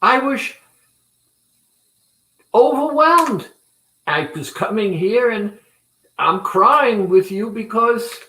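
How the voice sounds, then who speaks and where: A man's voice: on the high side, big pitch swings, takes it slowly, long pauses, a bit bright, heavily acted. A man putting on a raised, emotional voice for a woman patient he once treated. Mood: upset. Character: tearful woman patient, upset then proud. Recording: roomy echo.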